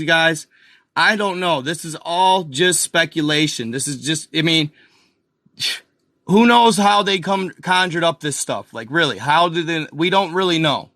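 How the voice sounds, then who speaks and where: A man hosting a casual video, excitedly talking viewers through an old map and repeating himself as he points things out. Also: sits high, dry recording, studio quality. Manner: excited, repetitive, addresses viewers as guys and y'all. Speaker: video host. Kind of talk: casual commentary over a map.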